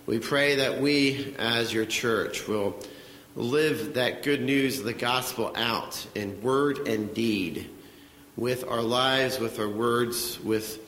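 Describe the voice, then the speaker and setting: A man leading a slow, earnest prayer during a church service. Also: medium pitch, a bit bright, a little hiss or hum. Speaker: pastor. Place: church sanctuary. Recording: echoey hall with faint ambience.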